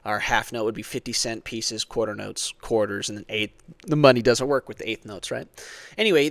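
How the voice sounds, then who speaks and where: A man's voice: medium pitch, fairly bright tone, no echo. A man teaching a church music lesson, explaining patiently, counting beats aloud, and often asking "right?". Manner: conversational, frequent "right?".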